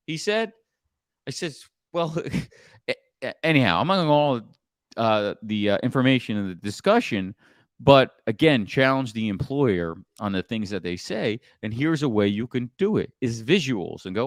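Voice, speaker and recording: A middle-aged man coaching on sales in a casual podcast chat, blunt and animated, sometimes swearing. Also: mid-range voice, moderate pace, no echo, studio quality. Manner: blunt, animated storytelling with profanity.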